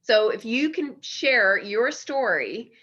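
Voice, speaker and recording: A woman's voice: fairly high pitch, sing-song, slow pace, a bit bright, husky, lo-fi sound. A woman hosting an interview podcast, upbeat and enthusiastic as she introduces and questions her guest. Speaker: podcast host.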